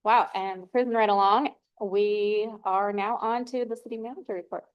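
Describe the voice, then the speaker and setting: A woman chairs a city council meeting as mayor. She calls for motions and votes in a brisk, procedural way, with a mid-range voice. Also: mid-range voice, fairly even intonation, clear, resonant tone, dull audio. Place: city council meeting over video call.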